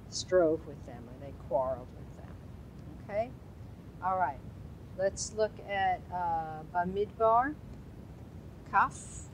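A woman's voice: on the low side, slight background noise, rough recording. A woman teaching an informal Hebrew Bible lesson, chatty and quizzing her class. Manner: chatty, asks the class questions, loose asides.

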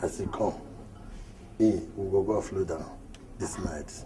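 A man's voice: deep voice, unhurried, noisy background. A man with a Nigerian Pidgin accent playing a boastful, flirtatious hustler in a comedy film, talking in teasing, swaggering banter. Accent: Nigerian Pidgin English. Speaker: boastful suitor. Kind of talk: Nollywood comedy film acting.

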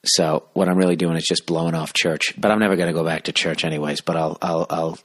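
A man with a very low voice rambles through a comic podcast monologue. He keeps his voice down to a near whisper and swears freely as he riffs. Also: steady tone, quick pace. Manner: profane, hushed half-whisper. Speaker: podcast host.

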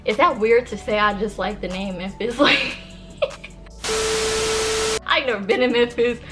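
A woman's voice: fairly high pitch, moderate pace, loud music behind the voice. A woman in her early twenties from Sacramento tells a casual storytime, talking straight to her viewers with lots of fillers. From Sacramento, California. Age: early 20s. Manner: chatty, filler-heavy, addresses viewers as y'all. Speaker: vlogger.

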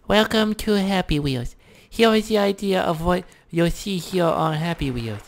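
A man's voice: high-pitched, animated, measured pace, gravelly, voice pushed up, exaggerated voice. A man putting on a goofy announcer voice to read game level titles aloud during gaming commentary. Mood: mock-formal.

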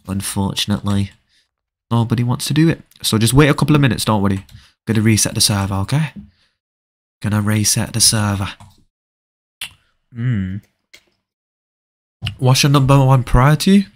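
A young man chatting casually with viewers during a live game stream, often repeating short phrases. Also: on the low side.

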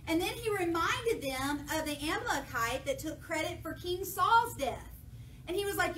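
Woman preacher, high bright voice, lively and jokey, heard from a distance in an echoey church. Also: moderate pace, slight background noise. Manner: lively, jokey, acts out voices of people in the story. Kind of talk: sermon with playful paraphrase.

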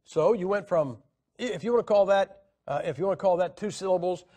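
Male preacher, high voice, combative teaching tone with lots of "uh" pauses. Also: dark tone. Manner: argumentative, rhetorical questions, hesitant fillers. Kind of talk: Bible teaching lecture.

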